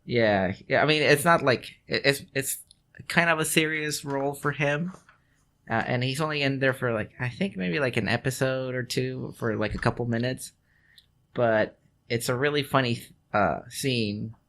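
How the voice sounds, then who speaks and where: Medium-pitched and fairly bright, this man talks at a normal speed while co-hosting a casual podcast. His storytelling is loose and meandering, full of swearing, repeated sentence restarts, and bursts of laughter.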